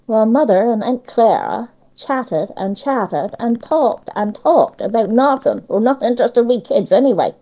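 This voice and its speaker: A woman's voice: a little high, animated, normal speed, hardly any pauses, warm tone, muffled recording. An older woman with a Cornish accent, chatting in an interview and giving emphatic opinions. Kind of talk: casual conversation.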